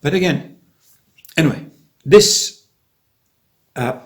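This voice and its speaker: A man's voice: fairly high pitch, slow pace. Man ranting in a rambling monologue. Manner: sarcastic, conspiratorial ranting with many restarts. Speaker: vlogger.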